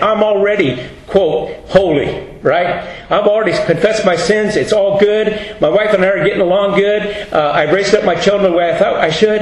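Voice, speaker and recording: Earnest folksy middle-aged pastor, roomy hall. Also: male voice, high-pitched. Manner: folksy, earnest, acts out quoted voices. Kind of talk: storytelling sermon. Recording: roomy hall with faint ambience.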